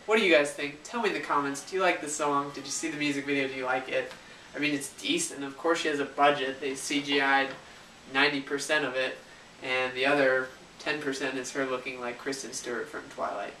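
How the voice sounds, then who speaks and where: A sarcastic video reviewer who retells a music video in an animated, mocking way, and whose voice comes across bright and sharp. The recording is roomy and echoey, with the mic set some distance away and a faint hiss underneath. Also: mid-range voice, normal speed.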